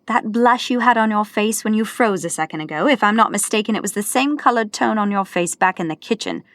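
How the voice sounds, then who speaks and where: A woman's voice: mid-range voice, fairly quick, fairly bright tone, no echo, voice pushed up, natural voice. A woman voicing a jovial, teasing older man in an audiobook, boastful and folksy, with faint music behind. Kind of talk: audiobook character voice.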